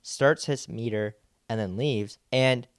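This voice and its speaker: Smooth-voiced man chatting on a podcast. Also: mid-range voice, slow pace, no echo, studio quality. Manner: easygoing, rambling with many "like"s. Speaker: podcast co-host. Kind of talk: casual chat.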